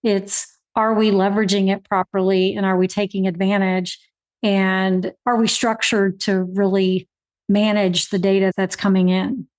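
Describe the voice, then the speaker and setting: A woman's voice: medium pitch, little pitch movement, measured pace. A woman in a mid-range voice hosts an interview. She builds on her guest's points in an affirming, reflective manner. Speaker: podcast host. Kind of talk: interview conversation.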